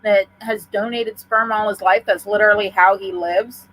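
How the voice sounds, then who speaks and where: A woman's voice: medium pitch, fairly even intonation, normal speed, fairly bright tone, low-quality recording. Dry-joking woman with faint hiss. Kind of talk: casual chat.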